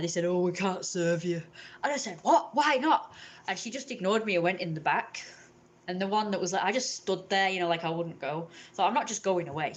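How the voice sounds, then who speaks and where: A young woman tells a long grievance to her camera, rambling and indignant, with a somewhat low voice. She jumps into higher voices to mimic the people in her story. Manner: rambling, indignant, acts out others in raised voices. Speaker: vlogger.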